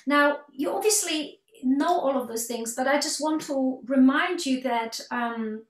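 High-voiced woman telling a story in an echoey room. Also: unhurried. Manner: animated, acts out quoted dialogue, frequent restarts. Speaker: keynote speaker. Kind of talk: webinar talk with storytelling.

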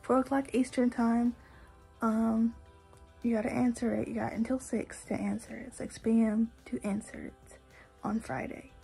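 A young adult woman fitness vlogger chats casually with viewers during her home workout, slightly out of breath, leaning on fillers and saying "you guys." Her voice is a little high yet gravelly, husky and dark, with a level tone and normal speed. Faint music sits behind a low-quality recording.

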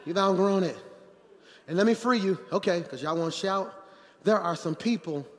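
A man preaching from the pulpit, his voice pitched high for a man. He calls out to the congregation and jokes with them as he preaches. The sound rings out with a long reverb from the church hall. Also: normal speed, slight background noise. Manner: animated preaching with crowd call-outs and jokes. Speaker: pastor. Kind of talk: sermon. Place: church sanctuary.

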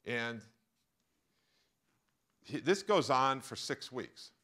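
An American man lecturing to a live room in storytelling mode, animated and anecdotal. His voice sits in a middle pitch and has a forceful, bright edge. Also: extremely slow. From United States. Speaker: professor giving a masterclass.

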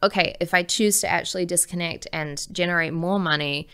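A woman guest on a podcast, telling a personal story in a lively way, laughing often and acting out the voices she quotes. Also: on the low side, fairly quick, clear, resonant tone.

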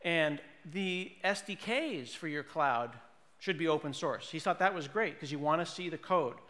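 Male conference speaker, playful comic delivery, slightly high pitch, hall reverb. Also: normal speed. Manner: animated, jokey, mimics people with put-on voices. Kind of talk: comedic tech keynote.

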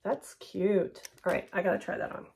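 A woman's voice: medium pitch, normal speed, creaky, darkish tone, slight background noise. A middle-aged woman, chatting casually and upbeat as she unboxes and tries on jewelry. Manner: chatty, upbeat, drops to a near whisper for close-ups. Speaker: shopping haul vlogger. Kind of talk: casual chat unboxing and try-on.

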